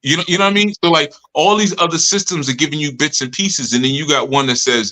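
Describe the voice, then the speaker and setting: A man's voice: on the high side, fast talker, hardly any pauses, bright, forceful tone. A middle-aged man leading a live study session, talking in a streetwise, joking way and acting out his followers' complaints. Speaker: spiritual leader of a study group.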